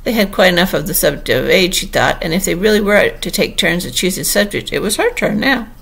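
A woman narrating a classic children's storybook as an audiobook, in a lively storytelling manner. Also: fairly low pitch, brisk, gravelly, breathy edge. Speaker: audiobook reader.

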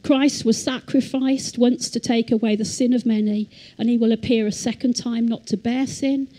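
A woman teaching in church, reading scripture slowly and emphatically and leading the congregation to repeat lines. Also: fairly high pitch, steady tone, dark tone, poor audio. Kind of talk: sermon. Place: church hall.

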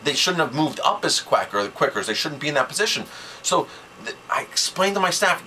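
A man's voice: a little high, very animated, brisk, bright, forceful tone, slight background noise, poor audio. A man who runs a restaurant, talking to camera with business advice in a conversational, emphatic way, repeating key phrases. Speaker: restaurant owner and chef.

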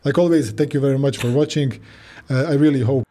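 A man's voice: mid-range voice, fast talker, warm tone, slight background noise. A man in a recorded video earnestly recommending a book, repeating himself and stumbling through restarts. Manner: earnest, repetitive, with frequent fillers and restarts. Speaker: video creator reviewing a book.

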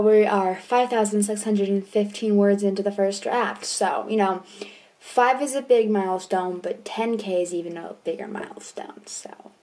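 A young woman vlogging casually about her writing, bubbly and gushing, rambling with fillers and self-deprecating asides. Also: mid-range voice. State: out of breath. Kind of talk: casual chatty vlog.

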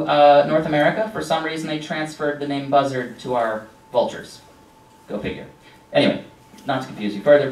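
A man giving a casual slideshow lecture about nature, relaxed and rambling with frequent ums and asides. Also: on the high side. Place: lecture room with an audience. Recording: echoey room from a distance.

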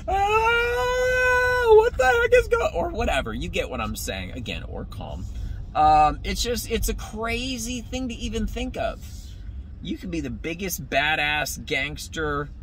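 A man's voice: on the high side, slight background noise. A man comedian rambling through a comic rant, talking straight to his viewers from inside a moving car. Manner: animated, tangent-prone, talks straight to viewers.

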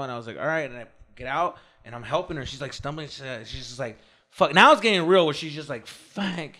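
A man's voice: a little high, animated, fast, sharp tone. A man telling a long story as podcast co-host, profane and slangy, acting out the voices of the people in it. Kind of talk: casual storytelling chat.

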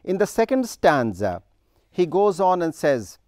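A man giving a university lecture on a poem, slow and deliberate, stopping to recite lines of verse with heavy emphasis. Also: high voice, sing-song, a little mellow, no room sound, studio quality. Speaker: literature lecturer.

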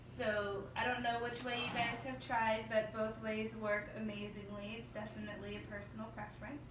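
A woman's voice: on the high side, level tone, normal speed. Chatty young woman hosting a livestream. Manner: chatty, reads viewer comments aloud. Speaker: host of a nail salon livestream. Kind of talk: casual livestream chat and demo. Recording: echoey room, distant mic, noisy.

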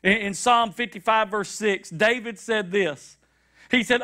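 A man preaching a sermon, animated and repetitive, with shouted high-pitched acted quotes, in a church. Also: unhurried. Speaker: pastor. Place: church sanctuary.

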